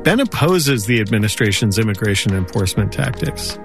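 A man reporter giving calm, explanatory scripted news narration. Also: fairly low pitch, fairly quick, creaky, music in the background. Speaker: radio reporter.

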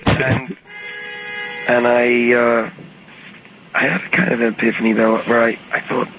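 A man giving a reflective, halting interview over the phone, with many restarts and a soft-spoken manner. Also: medium pitch, little pitch movement, slight background noise, poor audio. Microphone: phone call recording. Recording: archival phone tape with music underneath.

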